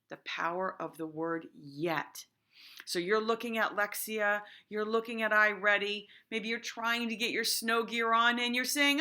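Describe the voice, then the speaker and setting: An elementary school teacher in her thirties talks to her class in an upbeat, encouraging way. Her bright voice is animated and friendly, moving easily between explaining and storybook reading. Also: mid-range voice.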